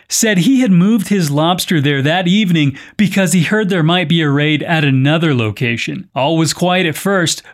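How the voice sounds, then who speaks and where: Man, podcast host, reads news, wry joking asides, slightly higher voice. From North America. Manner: playful, wry comments between read stories.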